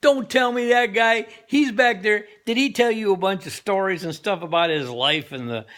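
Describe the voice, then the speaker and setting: A man's voice: a little high, expressive, normal speed, bright, forceful tone. A man voicing a laid-back older farmer on his porch swing who talks in an easygoing drawl.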